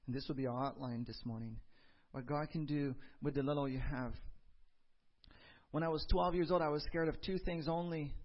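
A man preaching a sermon and telling a lively personal story, acting out the voices in it. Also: fairly high pitch, lo-fi sound. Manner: animated storytelling, acts out dialogue. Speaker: pastor.

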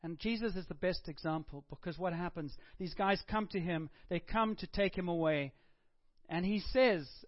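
A man preaching a sermon, dropping to a hush and then rising to emphatic, acted-out quotes. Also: high-pitched, normal speed, no echo. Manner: swings between hushed and emphatic, acts out quotes. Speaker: pastor. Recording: muffled dull recording.

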